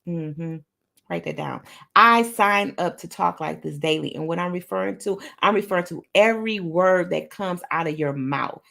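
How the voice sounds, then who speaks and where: A woman's voice: on the low side, moderate pace, gravelly, bright, forceful tone. A woman hosting a motivational affirmation session, speaking emphatically and repeating each affirmation aloud, with playful sing-song bursts. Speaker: motivational talk show host.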